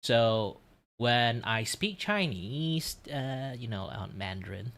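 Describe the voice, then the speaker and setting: A man from Malaysia, chatting casually on a live drawing stream in a relaxed, rambling, explanatory way. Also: medium pitch, takes it slowly.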